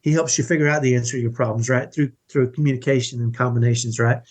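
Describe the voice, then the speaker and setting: Emphatic husky-voiced man. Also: medium pitch, steady tone, fast talker. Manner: emphatic, earnest, keeps asking "right?". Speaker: podcast guest, parenting coach. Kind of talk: conversational interview.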